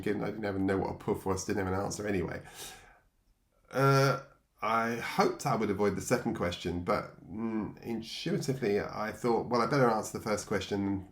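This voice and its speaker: A man's voice: fairly low pitch, roomy sound. An English man, middle-aged, telling his own life story in a reflective, wry way and chuckling at himself. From England. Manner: reflective, wry, laughs at himself, acts out voices from memory. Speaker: memoir narrator. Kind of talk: personal storytelling.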